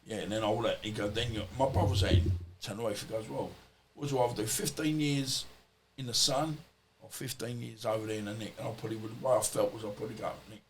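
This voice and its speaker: A man's voice: on the low side, steady tone, fast talker, few pauses, a little hiss or hum. A man, a podcast guest, telling stories in a rambling, colloquial way and swearing freely. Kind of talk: casual storytelling interview.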